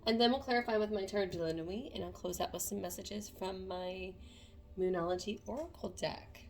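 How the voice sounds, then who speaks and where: A woman's voice: medium pitch, fairly quick, creaky. A woman doing a casual tarot reading to camera, talking to viewers in an earnest, meandering way. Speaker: tarot reader.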